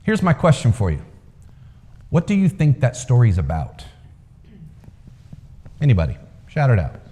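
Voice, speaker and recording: Animated male storyteller in a hall. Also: mid-range voice, normal speed, husky. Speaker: speaker, coach. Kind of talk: storytelling talk to a live audience. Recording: long hall reverb.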